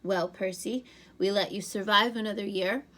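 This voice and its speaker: A woman voicing a smooth, scornful teenage boy villain in a storybook reading, with a mocking, persuasive manner. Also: mid-range voice, fairly even intonation, moderate pace, a bit bright, close to an everyday voice. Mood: taunting.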